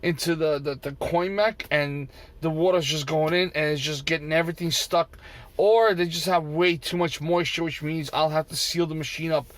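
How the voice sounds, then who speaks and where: A man's voice: a little high, steady tone, normal speed. Frustrated man ranting, swearing freely. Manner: frustrated, profane, repetitive ranting. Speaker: vending machine operator. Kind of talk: ranting vlog.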